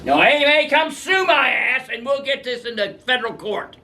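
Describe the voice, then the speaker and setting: A man's voice: very high-pitched, lively intonation, moderate pace, gravelly, bright, forceful tone, a little hiss or hum. An older male physician answering viewer questions in a blunt, fiery and profane way, ranting at length. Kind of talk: unscripted question-and-answer talk.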